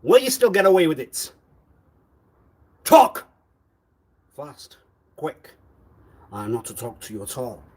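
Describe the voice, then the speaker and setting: A man's voice: medium pitch, huge pitch swings, fast, hardly any pauses, husky. A man on a live stream, talking in an insistent, repetitive way and firing accusing, demanding questions. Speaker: livestreamer.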